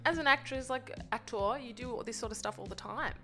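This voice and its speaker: A woman's voice: a little high, brisk, faint music behind. A woman, an actress co-hosting a podcast, telling stories in a playful, cheeky way. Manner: playful, cheeky, lively storyteller. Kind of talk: casual podcast banter.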